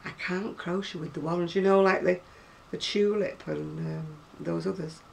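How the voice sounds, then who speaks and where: A woman's voice: on the low side, fairly even intonation, moderate pace, gravelly, distant mic, a little hiss or hum. A woman in her sixties with a northern English accent, chatting casually and rambling to camera about her crafts, often laughing. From North West England. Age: 60s. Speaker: craft seller.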